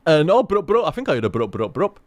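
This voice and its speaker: A man's voice: a little high, big pitch swings, fast talker, no echo. A man in casual rambling chat as a gaming commentator, chatty, laughing at himself and swearing freely.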